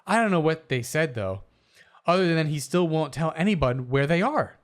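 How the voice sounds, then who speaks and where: Animated man, lively joking co-host. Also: fairly high pitch, normal speed. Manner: animated, jokey, slips into silly voices. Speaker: podcast co-host. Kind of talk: casual comedic chat, reading posts aloud.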